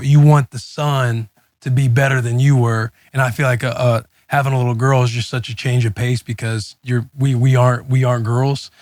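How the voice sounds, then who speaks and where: A man hosting a podcast, thinking aloud in a relaxed, rambling way. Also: medium pitch, no room sound, clean studio sound. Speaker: podcast host. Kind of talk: casual conversational chat.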